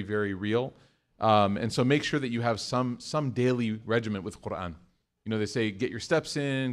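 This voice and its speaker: A man giving an Islamic talk to a live audience, telling stories in a conversational, animated way before taking questions. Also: mid-range voice. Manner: conversational, animated storytelling with religious phrases. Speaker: religious speaker.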